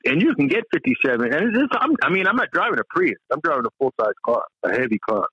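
A man chatting casually as a co-host, rambling and excitable with some swearing. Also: mid-range voice, fast, husky, no echo, dull audio. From American South. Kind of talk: casual chat.

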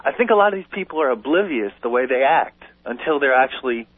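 A man calling in to a radio talk show, opinionated and animated, stumbling into restarts as he talks. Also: mid-range voice, fast, no room sound. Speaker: caller. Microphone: telephone. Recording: tinny phone line on radio.

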